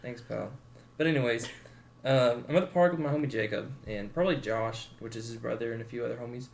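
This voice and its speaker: A man's voice: medium pitch, fast, gravelly. A man in his twenties on a podcast, telling a story casually and laid-back, acting out the people in it. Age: 20s. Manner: laid-back, acts out quotes with swearing and laughter. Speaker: podcast co-host.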